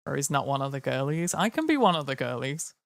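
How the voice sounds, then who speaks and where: A man's voice: medium pitch, big pitch swings, quick pace, gravelly, a bit bright, no echo. A tired man chatting casually to his live-stream audience, rambling and joking. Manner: rambling, jokey, slips into silly voices. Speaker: livestreamer.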